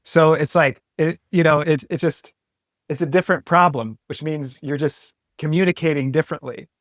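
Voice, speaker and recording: A male podcast host with a fairly high voice, chatting casually and circling his point with fillers and restarts. The sound is dry and close, with no room around it. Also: steady tone, moderate pace, fairly bright tone, dry recording. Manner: rambling, many "like" fillers and restarts. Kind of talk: casual interview chat.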